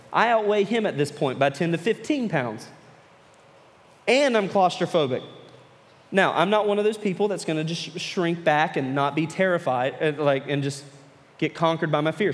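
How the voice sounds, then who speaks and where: Animated youth pastor in a reverberant hall. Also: male voice, a little high. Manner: animated storyteller, turning earnest and hushed. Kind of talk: sermon with personal story. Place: large room with an audience. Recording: long reverb of a large hall.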